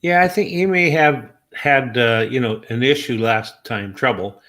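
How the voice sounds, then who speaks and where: A man co-hosting a horse racing preview, answering with statistics in a measured way with some hesitant fillers. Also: mid-range voice, fairly bright tone. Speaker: racing co-host. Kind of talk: horse racing analysis chat.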